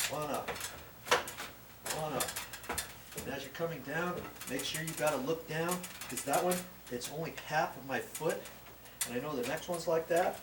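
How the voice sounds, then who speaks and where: A man hosting a do-it-yourself video, explaining things in a plain, repetitive way and checking in with "okay?" as he works on a ladder outdoors. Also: fairly high pitch. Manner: plain-spoken, repeats points and checks in with "okay?". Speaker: DIY video host. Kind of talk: casual how-to demonstration. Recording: roomy, distant, noisy outdoor recording.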